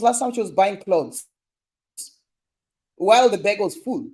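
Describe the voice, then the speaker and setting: A man's voice: high-pitched, expressive, measured pace, darkish tone. A young man hosting a casual live stream, reading viewer comments in a playful, teasing way and laughing often.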